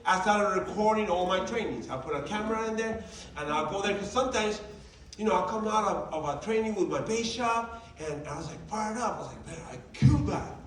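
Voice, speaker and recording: High-voiced man giving a motivational talk. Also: fairly quick, slight background noise. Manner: animated storyteller, acting out dialogue. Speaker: team leader giving a training talk. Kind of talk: motivational speech. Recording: roomy, distant sound with faint ambience.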